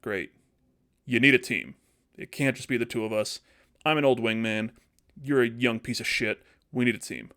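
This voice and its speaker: A man's voice: medium pitch, normal speed, a bit bright, close to an everyday voice. Man doing old hare wingman. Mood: gruff.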